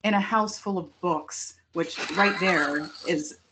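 A woman co-hosting a casual film podcast, telling her views in an animated, expressive way. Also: fairly low pitch, slow, noisy background. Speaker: podcast co-host. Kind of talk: casual discussion.

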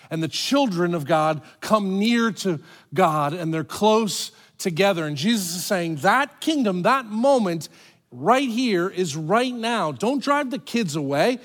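A male pastor giving a sermon in an animated, conversational way, with dramatic pauses and quoted voices. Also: sits high.

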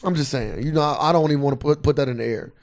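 A man co-hosting a casual podcast, ranting and swearing freely, his voice jumping up high and loud when he gets heated. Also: quick pace, vocal fry. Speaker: podcast co-host.

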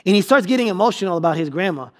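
High-voiced preacher telling a story. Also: male voice, very fast. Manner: storytelling, animated, repeats key lines for emphasis. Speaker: pastor. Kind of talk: sermon with personal story.

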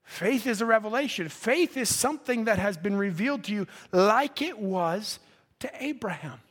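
A man preaching with a very high, bright, forceful voice. He swells from a low, earnest tone into ringing shouts as he presses his points to the congregation. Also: expressive, moderate pace. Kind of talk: fervent sermon. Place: church sanctuary.

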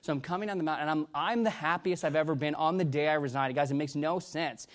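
A middle-aged man preaching a personal testimony, halting and rambling with many restarts, swinging between loud bursts and hushed retelling. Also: fairly high pitch. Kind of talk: sermon testimony.

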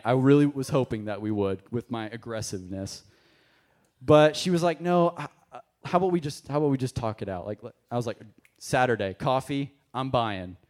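A young man preaching a sermon, telling a personal story in a casual, animated way and addressing the congregation directly. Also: mid-range voice. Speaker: pastor. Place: church service.

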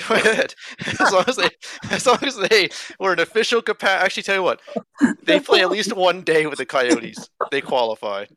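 A man's voice: high voice, expressive, fairly quick, bright, forceful tone, no room sound. A man co-hosting a casual sports podcast, arguing emphatically, swearing and exaggerating. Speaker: podcast co-host.

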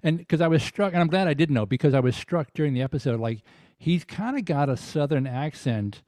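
A man's voice: on the high side, expressive, brisk, darkish tone, dry recording, studio quality. A man in his late fifties from Tennessee, chatting wryly on a podcast as a guest, rambling with restarts. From American South, Tennessee. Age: 50s. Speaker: guest musician. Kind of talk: casual podcast chat.

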